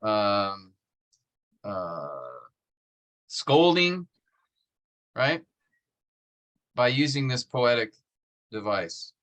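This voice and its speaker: Bright-voiced man teaching an online class. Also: medium pitch, expressive, very slow, pauses often. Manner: explanatory, asks the class "right?" often. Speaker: seminary instructor.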